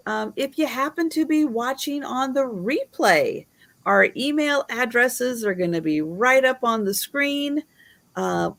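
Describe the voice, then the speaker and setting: A woman hosting a live online sale, showing items slowly and admiringly and counting down the bidding. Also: fairly high pitch, vocal fry, a bit bright. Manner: slow, admiring, auctioneer-style counting.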